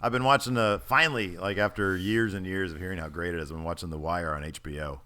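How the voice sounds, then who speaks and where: Brief: male podcast co-host, lowish pitch, bright voice, profane and jokey in casual chat. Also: fast talker. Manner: profane, jokey, laughs often.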